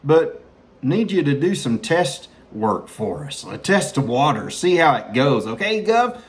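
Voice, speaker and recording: A man's voice: fairly high pitch, sing-song, unhurried, pitched below the performer's own voice. A man voicing a scheming male political handler who coaxes and mocks. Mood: coaxing. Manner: coaxing, mocking.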